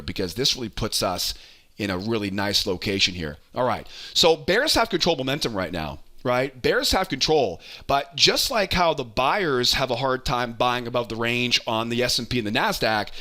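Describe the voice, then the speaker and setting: A man with a bright, forceful voice walks through market charts like a coach. He talks with energy, repeats key phrases for emphasis, and keeps tossing in a questioning "right?" to pull the listener along. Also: mid-range voice. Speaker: trading educator. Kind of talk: live chart walkthrough lesson.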